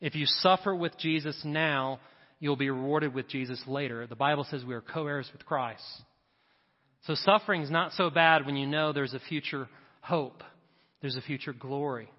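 A middle-aged male pastor preaches with a slightly raised voice, pushing his points with rising emphasis and quick asides to the crowd. The sound is a little dull, and each line rings out with long reverb from a large church hall. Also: fairly high pitch. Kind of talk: sermon.

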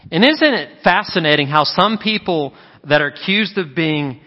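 A man preaching to his congregation, his voice sitting a little high for a man. The sound is dull and muffled, and it rings out with a long hall echo from the church. He tells his stories with lively, acted-out quotes. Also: moderate pace. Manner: animated storytelling with acted quotes. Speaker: pastor. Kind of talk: sermon. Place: church sanctuary.

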